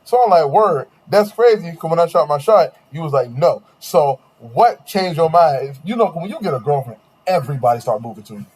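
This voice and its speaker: A man's voice: a little high, fairly quick, few pauses, breathy edge. Slangy young man telling a story. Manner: slangy, animated retelling with quoted voices. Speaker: podcast host. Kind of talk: casual storytelling chat.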